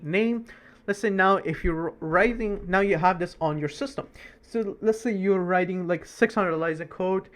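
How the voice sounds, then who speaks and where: A young man giving a screen-recorded coding lesson, talking fast with many fillers and self-corrections. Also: sits high, fairly bright tone. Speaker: coding teacher.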